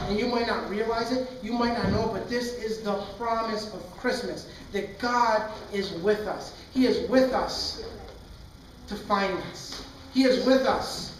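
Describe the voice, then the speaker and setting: Young male pastor, earnest storytelling sermon, recorded in a reverberant hall with faint noise. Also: high-pitched. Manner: candid storytelling, earnest and impassioned. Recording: echoey hall, far from mic.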